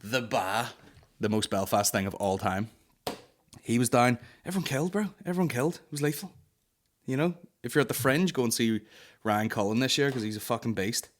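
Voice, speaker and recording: Brisk and mid-range in voice, a man with a Northern Irish accent hosts a comedy podcast, rambling through sweary tales in a casual monologue and dropping into put-on voices.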